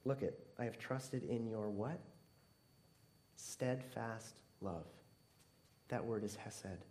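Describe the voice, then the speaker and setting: A man preaching a sermon earnestly, swinging between emphatic stress and hushed, tearful softness. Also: on the low side, takes it slowly, slight background noise. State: near tears at times.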